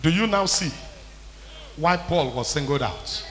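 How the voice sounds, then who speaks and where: A man preaching a sermon as pastor, in impassioned call-and-response that builds to shouting. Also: fairly high pitch, lively intonation, a little slow. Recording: long hall reverb.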